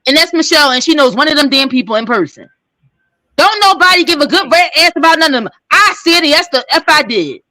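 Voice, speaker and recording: A woman's voice: sits high, expressive, quick pace, sharp tone, dry recording, rough recording. A woman hosting a casual livestream chat, blunt and heated, swearing freely. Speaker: livestream host.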